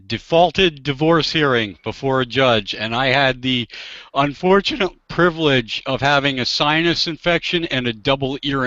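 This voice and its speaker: Animated man telling a courtroom story. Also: mid-range voice, dry recording, highs cut off. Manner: animated, acts out quotes loudly. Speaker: divorce attorney, guest. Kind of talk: casual storytelling.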